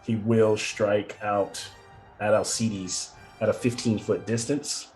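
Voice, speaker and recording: A man's voice: fairly low pitch, flat delivery, slow, a little mellow, faint music behind. A man narrating a tabletop game as game master, rambling with many fillers and frequent chuckles.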